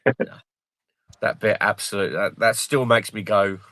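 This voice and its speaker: A man hosting a casual livestream, joking, swearing and excitedly retelling film scenes. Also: on the low side, measured pace, dry recording. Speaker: livestream host.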